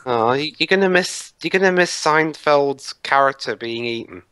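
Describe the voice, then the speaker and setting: A man's voice: fairly high pitch, expressive, moderate pace, sharp tone, smooth. A man hosting a casual group movie commentary, organizing the others with many ums and hesitations. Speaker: commentary host picking movies.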